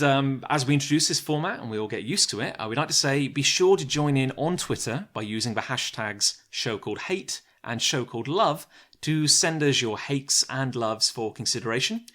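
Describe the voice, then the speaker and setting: A man chatting on a podcast, his pitch swinging up and down as he tells a long, rambling story. He pads it out with "uh" and "like" and keeps breaking into laughter. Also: a bit bright. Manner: rambling storyteller, laughs often, many fillers. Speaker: podcast host. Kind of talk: casual chat.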